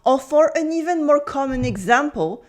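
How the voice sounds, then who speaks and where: Lively French-accented woman teaching. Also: sits high, moderate pace. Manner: lively, playful, cheeky asides. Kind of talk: online language lesson.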